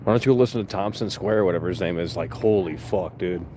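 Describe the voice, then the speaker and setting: Young male streamer, low-ish voice, loose sarcastic rambling delivery full of swearing; faint car noise behind. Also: quick pace. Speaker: livestream host. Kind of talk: casual livestream chat reading viewer comments.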